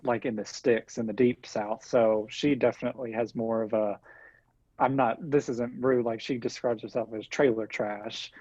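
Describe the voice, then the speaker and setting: A man's voice: medium pitch, fairly even intonation, normal speed, a little mellow, no echo, dull audio. A young man from Kentucky with a Kentucky accent, a guest chatting casually and bubbly over a video call, laughing often. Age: young adult. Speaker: guest, TikTok creator.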